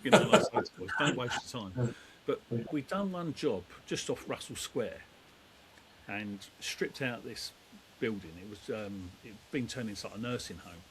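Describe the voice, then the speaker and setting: A man's voice: on the low side, expressive, normal speed, a bit bright, slight background noise, poor audio. A middle-aged man, a demolition company head, telling stories in a rambling, down-to-earth way. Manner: rambling, down-to-earth, lots of fillers. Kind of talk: casual storytelling chat.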